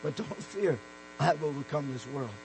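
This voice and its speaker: A man preaching a sermon, emphatic, slowing down and dropping soft on key words. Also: on the high side, lively intonation, gravelly, noisy background. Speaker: pastor.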